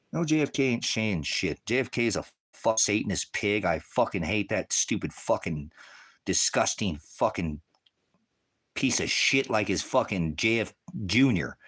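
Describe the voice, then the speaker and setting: A man hosting a ministry channel, ranting to his viewers from an off-grid homestead, heated and profane, bursting into shouts. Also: on the low side, slightly rough. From United States.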